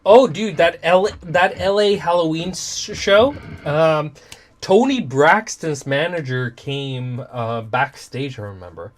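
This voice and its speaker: A man's voice: a little high, lively intonation, slow. Loose, profane man chatting on stream. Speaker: music producer streaming from his studio. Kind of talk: casual live stream chat.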